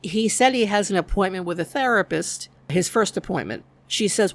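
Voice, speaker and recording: A woman's voice: mid-range voice, normal speed, few pauses. A woman recapping a TV episode in a casual, chatty way, retelling scenes and quoting the characters' lines. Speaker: YouTube show reviewer.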